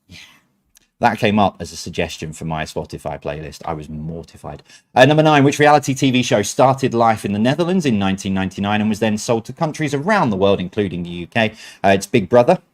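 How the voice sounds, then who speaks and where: A man's voice: lowish voice, animated, fast talker. A man hosting a streamed quiz night, reading out answers with chatty, self-mocking asides. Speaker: quiz host.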